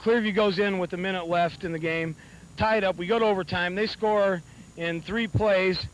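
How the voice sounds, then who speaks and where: Man, high voice, sideline interviewer, rambling and emotional, outdoor field, faint noise. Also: steady tone, normal speed, poor audio. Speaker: sideline reporter interviewing coaches.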